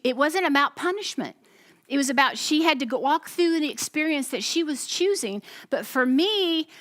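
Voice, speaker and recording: A woman pastor with a high voice tells her testimony to the congregation as an energetic storyteller. She dramatizes the quoted voices as she preaches.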